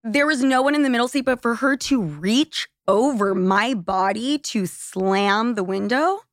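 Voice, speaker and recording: A woman guesting on a podcast, chatting casually in a fairly high voice. The recording is dry and close, with no room sound. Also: unhurried, dry recording. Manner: chatty, laughs through her story. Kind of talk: casual chat.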